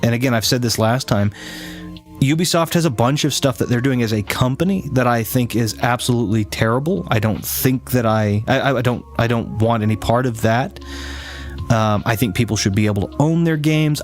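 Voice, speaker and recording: A man's voice: mid-range voice, a little fast, soft background music. A man chatting casually on a live stream, rambling with many restarts and fillers, teasing his chat now and then.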